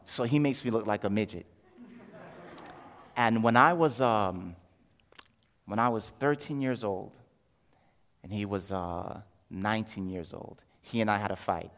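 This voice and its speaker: A man preaching a sermon as a vivid story, switching between hushed asides and loud, excited bursts. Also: fairly low pitch, long reverb tail.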